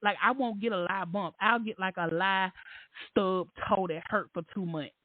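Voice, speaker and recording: A woman hosting a casual call-in show who talks in a slangy, animated, candid way and swears freely. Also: medium pitch, normal speed, dry recording. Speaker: podcast host. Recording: dry, tinny phone-like line.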